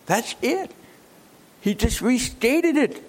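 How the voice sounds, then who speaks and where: A man's voice: extremely high pitch, lively intonation, slow. A man preaching a sermon, emphatic and fond of rhetorical questions.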